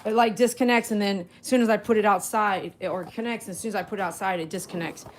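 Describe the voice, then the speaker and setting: There's a little hiss or hum as a woman from St. talks fast in a mid-range voice with fairly even intonation. A dog groomer and vlogger, she chats casually in a home vlog recorded on a phone, addressing her dogs and laughing easily at home and in the backyard in winter.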